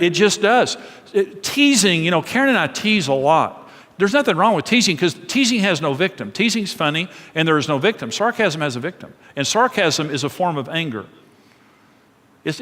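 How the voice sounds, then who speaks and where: A middle-aged man preaching a sermon as pastor, earnest and preacherly, drawing out key phrases slowly. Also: high voice, fairly bright tone. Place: church auditorium. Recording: long reverb of a large hall.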